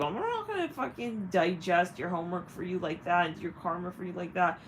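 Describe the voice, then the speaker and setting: A woman's voice: fairly low pitch, lively intonation, brisk, hardly any pauses, a little hiss or hum, rough recording. Blunt, salty woman psychic reader. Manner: frank, blunt, laughing, sometimes swearing. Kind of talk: live-stream spiritual reading.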